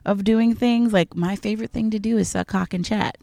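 A woman's voice: mid-range voice, steady tone, fairly quick, no echo. Frank, chatty woman, dry close sound. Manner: frequent "like" fillers, drops into a hushed breathy voice for examples. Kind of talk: candid casual conversation. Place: at a conference, indoors.

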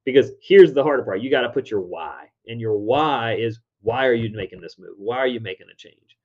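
A man in his forties, a decluttering expert, chatting as a guest in an interview and telling stories with lively quoted voices. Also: medium pitch, fairly quick. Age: 40s. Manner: animated storyteller, acts out quotes in raised voice. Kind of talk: casual interview chat. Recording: dull lo-fi audio.

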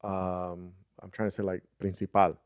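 A man with a low voice co-hosts a casual podcast, telling stories in a relaxed way. He gets animated when he acts out what other people said. The sound is dry and close. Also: normal speed, no echo. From United States. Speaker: podcast co-host. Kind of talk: casual chat.

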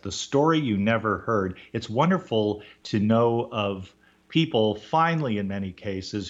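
A man's voice: lowish voice, a bit bright. A male radio host leads an interview in polished, rather formal wording and heaps praise on his guest. His voice is somewhat dull and muffled, like a lo-fi broadcast.

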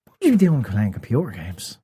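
An Irish man in loose podcast banter, cursing often as he tells teasing stories about his old gaming days. His pitch moves a lot, rising and dipping through each story. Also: wildly swooping pitch, brisk, mellow, breathy edge. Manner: swearing, mocking storyteller. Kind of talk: casual chat.

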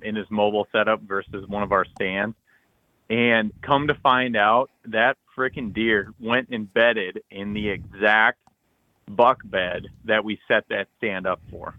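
A man co-hosting a podcast, telling an excited hunting story full of acted-out quotes and loud bursts. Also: fairly low pitch, unhurried, no room sound, narrow, tinny audio. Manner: animated, loud bursts, frequent "like", acts out texts and quotes.

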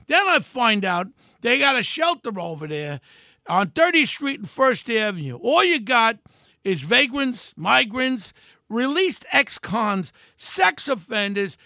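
An older man delivering a fiery political rant, yelling and name-calling. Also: high-pitched, sing-song, unhurried, no echo, studio quality. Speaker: political commentator.

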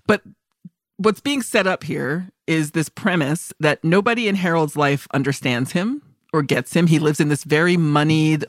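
A woman's voice: deep voice, no echo, clean studio sound. A woman co-hosting a podcast about films, talking casually, laughing often and acting out lines in other voices. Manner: chatty, laughs often, acts out quotes. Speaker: podcast co-host. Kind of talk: casual film discussion.

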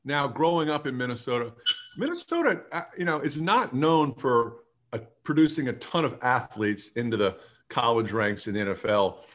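A man's voice: mid-range voice, moderate pace, a bit bright. A male podcast host in a mid-range voice keeps things loose and casual. He ribs his guest with a jokey, teasing manner between questions. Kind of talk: casual interview chat.

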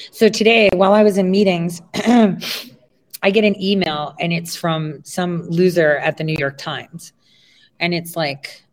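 Casting: woman streamer from Ohio, slightly low voice, rambling monologue with lots of fillers and asides. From Ohio, USA. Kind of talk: casual livestream monologue.

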